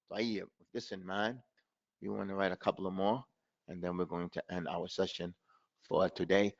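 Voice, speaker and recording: A man teaching Quran recitation in a live online class, calling on students by name, acting out their mistakes and reciting verses slowly. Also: lowish voice, lively intonation, highs cut off. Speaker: tajweed teacher.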